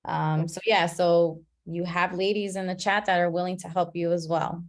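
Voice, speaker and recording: A woman leading an online class on a video call, talking in a relaxed, chatty way and laughing at her own slips. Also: on the low side, normal speed. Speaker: class facilitator.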